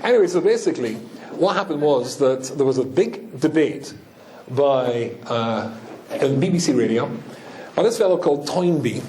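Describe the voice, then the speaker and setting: Joking British rabbi in an echoey hall. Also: male voice, mid-range voice, animated, moderate pace, dark tone, a little hiss or hum. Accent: British English. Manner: joking, storytelling, chats with the audience. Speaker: rabbi and speaker. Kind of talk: humorous lecture to an audience.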